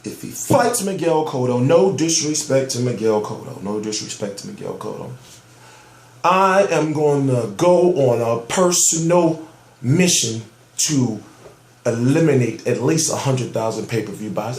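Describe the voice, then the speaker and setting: Fired-up ranting man, echoey room. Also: a little high. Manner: heated, profane, emphatic. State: amped up on soda. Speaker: boxing news commentator. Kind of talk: ranting vlog commentary.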